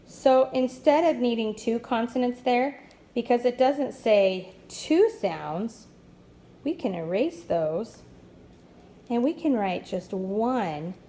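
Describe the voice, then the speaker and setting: A woman teaching a first-grade phonics lesson, explaining slowly and patiently with upbeat praise. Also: a little high, expressive, warm tone.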